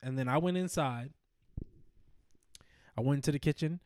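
A man's voice: fairly high pitch, normal speed, a little mellow, dry recording, clean studio sound. A man co-hosting a casual podcast, telling a long story with lots of laughter and acted-out quotes. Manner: rambling, laughs often, acts out quotes. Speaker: podcast co-host.

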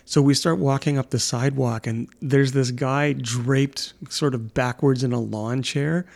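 A man's voice: mid-range voice, fairly even intonation, unhurried, vocal fry, a little mellow. A middle-aged man telling family anecdotes in casual chat, a rambling storyteller who laughs often. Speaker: podcast co-host and father.

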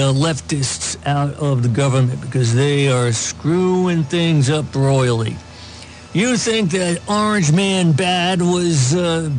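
A man giving casual political commentary, reading news aloud with sarcastic asides and plenty of ums. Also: fairly high pitch. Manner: sarcastic asides, many fillers.

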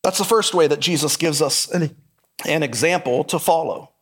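A man's voice: a little high, moderate pace, a bit bright, husky. A male pastor preaching a sermon in an earnest, emphatic way, repeating his key points.

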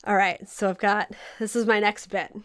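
Speaking at normal speed in a smooth voice, this podcast host tells stories in relaxed conversation. Her throat is slightly sore, she curses, and her pitch jumps sharply with excitement.

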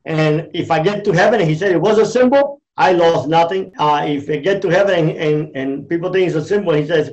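Fervent, preachy man with a high voice. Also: a little fast, few pauses, a little mellow, lo-fi sound. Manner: fervent, preachy, emphatic, loose and conversational. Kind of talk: passionate conversational talk.

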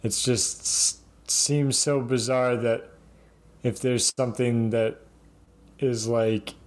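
A man on a casual podcast, laid-back and jokey, speaking in halting, unhurried phrases. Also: medium pitch, steady tone. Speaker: podcast co-host.

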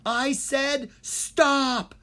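A narrator voicing an arrogant evil wizard who yells slow, drawn-out threats in a children's audiobook. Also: mid-range voice, lively intonation, slightly rough. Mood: furious.

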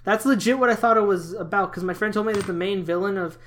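A man's voice: high voice, quick pace, a bit bright, slight background noise. A young man around eighteen co-hosting a casual podcast chat, ranting at length and laughing often. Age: late teens. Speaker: podcast co-host.

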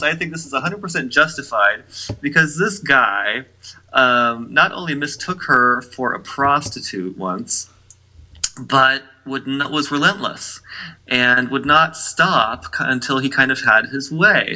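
A man's voice: mid-range voice, measured pace, pushed and bright, rough recording. A man co-hosting a music podcast in casual chat, talking in a chatty way with plenty of "um" and "you know". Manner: chatty, lots of fillers and restarts. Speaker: podcast co-host.

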